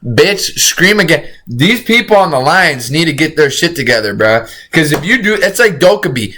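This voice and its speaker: A man's voice: on the high side, very animated, moderate pace, hardly any pauses, sharp tone. A man streaming a casual reaction, rambling in slangy, profane talk and saying "bro" constantly. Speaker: streamer reacting to a crime video.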